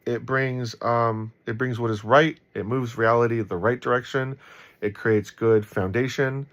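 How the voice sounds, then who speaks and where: A man giving casual Bible commentary in a relaxed, rambling way, full of ums and likes, with a warm, encouraging tone. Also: medium pitch, measured pace, dull audio.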